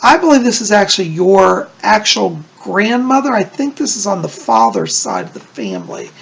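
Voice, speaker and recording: A man's voice: high voice, big pitch swings, moderate pace, gravelly, husky. A man working as a psychic medium, doing a casual video reading, chatty and reassuring, often checking in with "okay?".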